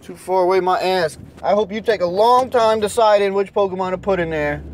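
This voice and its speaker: A young man talking to himself while he plays a phone game, frustrated and swearing, a little hoarse from losing his voice. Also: sits high, brisk, a little hiss or hum. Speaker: vlogger playing a mobile game. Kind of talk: casual vlog commentary.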